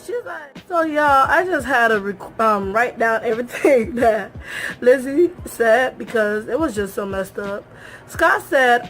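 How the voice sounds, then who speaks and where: Animated young woman recapping a show. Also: fairly high pitch, takes it slowly, soft background music. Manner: animated, emphatic, repeats phrases for effect; talks straight to viewers, calls them y'all. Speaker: reality show recap vlogger. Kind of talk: casual recap commentary.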